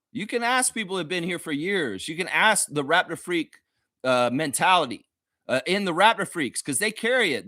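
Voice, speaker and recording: Brief: male talk host, bright and lively, mocking rant, dry close sound. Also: high voice, no room sound. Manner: animated, mocking, profane. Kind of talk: ranting sports commentary.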